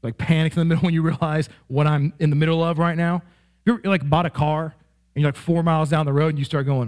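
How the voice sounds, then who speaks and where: Conversational pastor with a higher voice. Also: male voice, fast. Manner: conversational, frequent "right?" and "like" asides; animated, rising sharply in playful examples. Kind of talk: sermon.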